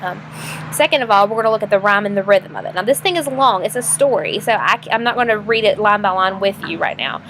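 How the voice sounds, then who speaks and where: A woman teacher explaining a lesson for a recorded video in a casual, chatty way, often pausing with fillers and restarting her sentences. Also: medium pitch, a bit bright, slight background noise. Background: passing trucks.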